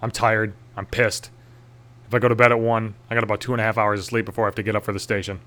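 A man's voice: fairly low pitch, level tone, quick pace, fairly bright tone. A young man telling a comic story as an exasperated, profanity-heavy rant. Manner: swearing, exasperated.

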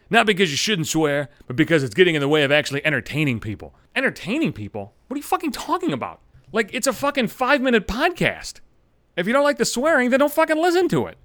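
A man's voice: fairly high pitch, fairly bright tone, no echo. A middle-aged man delivering an angry, sarcastic, heavily profane podcast rant. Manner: angry, sarcastic, heavy swearing. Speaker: podcast host. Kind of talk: profane ranting monologue.

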